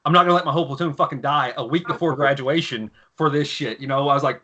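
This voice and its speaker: A man in his thirties, a former Marine guest on a podcast, telling crude stories in a casual, animated way and sometimes mimicking shouting officers. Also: on the high side, fast talker, slightly rough. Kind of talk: casual storytelling.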